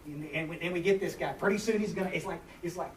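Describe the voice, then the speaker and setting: At a recovery workshop in a meeting hall, a drawling man in his forties gives a rambling, self-mocking personal share to a live group, full of fillers and restarts. His voice sits high and he talks fast. The recording is noisy and echoey, made far from the mic.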